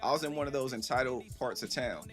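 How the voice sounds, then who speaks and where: A man telling a story casually to his live stream chat, animated and rambling, acting out the voices he quotes. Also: medium pitch, fast talker, soft background music.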